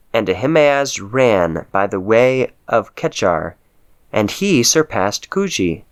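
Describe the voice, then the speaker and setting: A man reading scripture aloud with steady, measured narration. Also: fairly low pitch. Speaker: Bible reader.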